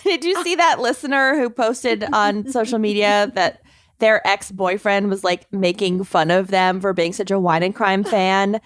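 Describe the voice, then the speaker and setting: A woman's voice: medium pitch, fairly even intonation, unhurried, no echo. A woman co-hosting a podcast in casual chat with friends, rambling and laughing often between phrases. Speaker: podcast co-host.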